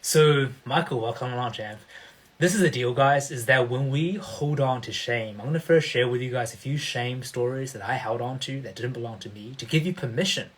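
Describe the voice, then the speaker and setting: A man's voice: mid-range voice, normal speed. A man hosting a motivational livestream as a coach, speaking emphatically and often checking in with his listeners.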